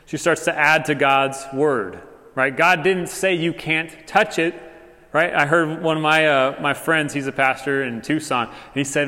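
A man's voice: on the high side, steady tone, a little slow, sharp tone, long reverb tail. A man giving a sermon as a pastor, talking in a loose, conversational way with lots of fillers and asides. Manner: casual, conversational preaching with many fillers.

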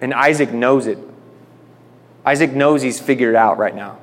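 A man casually teaching a Bible passage, reading verses aloud and then paraphrasing them in relaxed everyday slang. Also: medium pitch, moderate pace, long reverb tail.

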